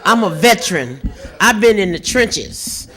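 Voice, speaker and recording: A woman's voice: mid-range voice, lively intonation, unhurried, fairly bright tone. A woman comedian doing a brash, bossy stand-up set.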